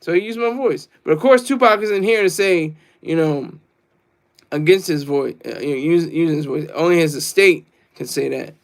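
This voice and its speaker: A man's voice: on the high side, normal speed, vocal fry. A man hosting a casual livestream, reading chat comments and rambling boastfully, laughing often. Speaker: livestream host.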